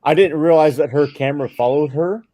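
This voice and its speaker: A man's voice: fairly high pitch, brisk, warm tone. A man hosting a livestream, bantering crudely and poking fun at himself. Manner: crude, self-mocking banter. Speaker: livestream host. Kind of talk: casual chat.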